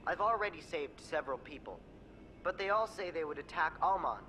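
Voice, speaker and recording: Earnest young pilot, high bright voice, video game. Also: male voice, lively intonation, a little fast, a little hiss or hum, poor audio. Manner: earnest, reproachful.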